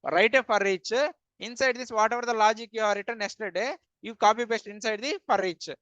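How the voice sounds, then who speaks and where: A programming instructor runs a live coding class, posing questions to students, answering them, and saying "okay" a lot. His medium-pitched voice is fairly even, a touch fast and slightly bright, with no echo. The wording is plain and repetitive, full of "uh" fillers, and the lo-fi recording sounds dull and dry.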